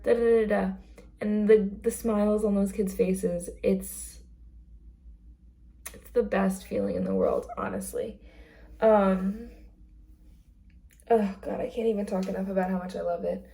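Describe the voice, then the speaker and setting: A woman's voice: medium pitch, a little slow, pauses often, mellow. A young woman chatting casually in a vlog about her work as a theme park greeter, earnest and full of fillers. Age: young adult.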